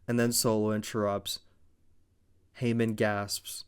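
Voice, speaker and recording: A man's voice: medium pitch, a little slow, smooth. A man recapping a wrestling show in casual commentary, retelling it like a dramatic story with profane asides.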